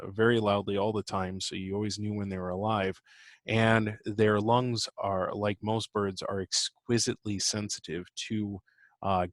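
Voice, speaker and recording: A male biology instructor talks through a recorded lesson in a somewhat low voice. He speaks haltingly, pausing on fillers and correcting himself as he goes. The sound is dry, with no room echo. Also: fairly bright tone. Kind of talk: recorded lecture.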